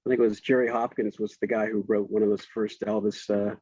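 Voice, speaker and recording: A man's voice: fairly low pitch, flat delivery, fast, mellow, slightly rough, no room sound, lo-fi sound. A man in his fifties, a guest in an interview, telling a casual story with frequent restarts and laughs. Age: 50s.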